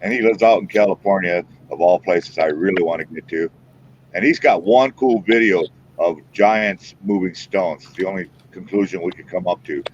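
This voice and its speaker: A man's voice: low voice, moderate pace, a little hiss or hum. A man hosting a live stream in a casual, folksy and emphatic way. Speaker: paranormal show host. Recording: muffled lo-fi stream audio.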